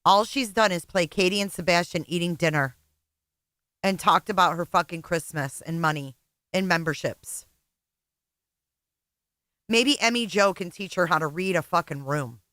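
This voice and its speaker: Sarcastic, cursing woman with a bright, dry voice. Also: on the low side, normal speed, long pauses, no room sound. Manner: sarcastic, blunt and profane. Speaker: commentary channel host. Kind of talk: reaction commentary.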